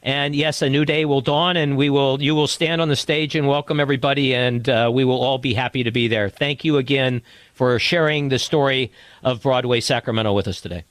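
A man's voice: mid-range voice, fairly even intonation, brisk, fairly bright tone, dry recording. A man hosting a radio show, asking rambling questions full of restarts in a studio. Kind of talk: radio interview.

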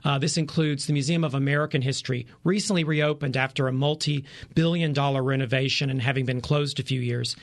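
A man's voice: medium pitch, fairly even intonation, a little fast, hardly any pauses. A man in his forties, a travel reporter giving tips in a radio interview, eager and full of ums and uhs. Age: 40s. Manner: enthusiastic, many fillers.

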